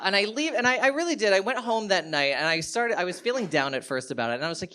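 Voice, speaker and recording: Self-mocking standup man, animated, fairly high voice, live set. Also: fast talker, hardly any pauses, smooth. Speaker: comedian. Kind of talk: standup comedy. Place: live comedy venue.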